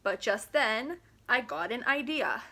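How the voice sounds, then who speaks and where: Bright-voiced, giggly young woman vlogger. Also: a little high, animated, a little slow. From Pennsylvania, US. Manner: giggly, chatty and self-mocking, with playful sarcasm. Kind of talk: casual vlog chat, reading old school papers aloud.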